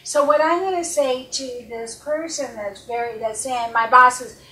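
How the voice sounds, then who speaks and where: A middle-aged woman coaching at a seminar, earnest, often acting out short dialogues and sometimes dropping to a calm hush, recorded with a distant mic in an echoey conference room. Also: high voice, normal speed. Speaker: life coach speaker. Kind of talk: seminar talk.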